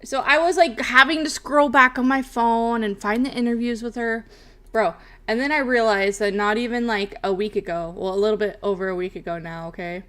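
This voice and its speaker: A woman's voice: a little high, fairly quick, sharp tone. A young woman streamer chatting casually and rambling, swearing often and tagging lines with "bro" and "okay?". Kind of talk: casual livestream chat.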